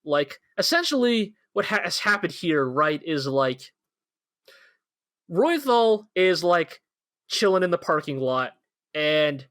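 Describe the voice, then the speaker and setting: A man's voice: fairly high pitch, fairly bright tone, dry recording, clean studio sound. A man co-hosting a podcast in casual chat, rambling with lots of fillers and spinning playful modern analogies. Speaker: podcast co-host.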